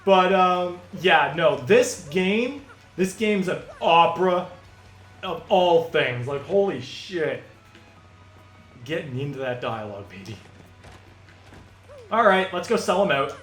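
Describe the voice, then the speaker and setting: A man's voice: on the high side, lively intonation, slow pace, long pauses, fairly bright tone. A man giving casual, joking and sarcastic gameplay commentary between reading dialogue aloud. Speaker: game streamer. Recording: echoey room with game music.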